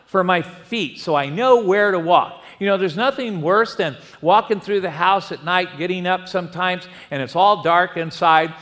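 A man's voice: high-pitched, moderate pace, hardly any pauses, a bit bright, in a large hall. A man preaching a sermon as pastor, conversational and telling personal stories.

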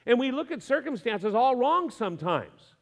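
Brief: male pastor, high voice, chatty humorous sermon, long church reverb. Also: normal speed. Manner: lively, conversational preaching with humor and asides.

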